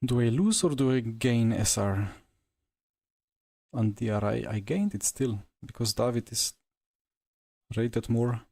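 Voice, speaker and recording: Breathless after the race, this man chats casually and reflectively as he streams sim racing and comments on it live. He speaks unhurriedly in a dark, mid-range voice with vocal fry and long pauses, and the recording has no echo.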